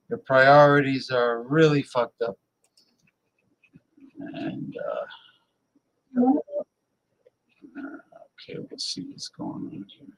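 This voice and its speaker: Slow, rambling male video reactor. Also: medium pitch, rough recording. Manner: rambling, chuckles at his own jokes. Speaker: show host reacting to videos. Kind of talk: casual commentary on clips.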